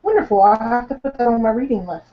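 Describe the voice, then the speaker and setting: A man voicing a naive young cat-woman raised in captivity, polite and curious in a high bright voice. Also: fast, lo-fi sound.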